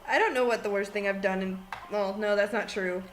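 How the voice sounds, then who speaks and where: A woman's voice: mid-range voice, fairly even intonation, brisk, noisy background. A woman chatting in a bubbly, giggly way, telling funny stories. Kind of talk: casual comedic chat.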